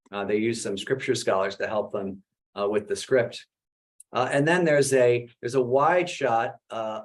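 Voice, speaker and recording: Speaking in a fairly low voice, a middle-aged Jesuit priest talks about his book during a webinar. The tone is conversational, with lots of "uh" fillers and lively questions.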